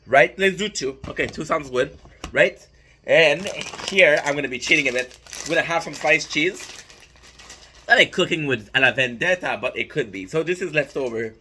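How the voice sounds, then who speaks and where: A man's voice: a little high, pushed and bright, a little hiss or hum. A young man hosting a casual mukbang vlog, chatting loosely and swearing as he cooks. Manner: loose and profane, hyped asides. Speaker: mukbang vlogger.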